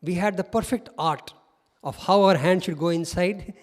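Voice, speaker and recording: A middle-aged man with an Indian English accent, giving an animated storytelling talk as a guest speaker and laughing often. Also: high voice, moderate pace. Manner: animated, laughs often while telling stories. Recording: reverberant hall.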